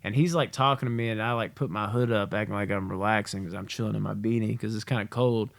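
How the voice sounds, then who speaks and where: A man's voice: on the low side, fast talker, creaky. A young man co-hosting a podcast, telling a funny story in a casual chat, swearing freely and laughing as he talks. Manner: animated storyteller, swears freely, laughs through his lines. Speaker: podcast co-host.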